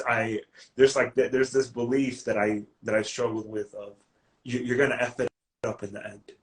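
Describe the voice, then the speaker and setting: A man who works as a coach, talking casually on a live stream, slangy and full of restarts. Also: medium pitch. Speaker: life coach.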